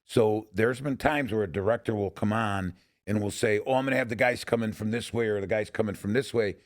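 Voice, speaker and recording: A man's voice: fairly low pitch, brisk. A middle-aged man from Chicago hosting a podcast, telling stories casually and acting out quoted lines. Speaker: podcast host and technical advisor. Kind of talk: casual interview storytelling.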